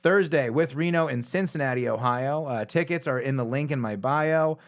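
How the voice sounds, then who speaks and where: A man co-hosting a casual comedy podcast, excitable and quick to laugh. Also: medium pitch. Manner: fast, excitable, laughs often. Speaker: podcast co-host.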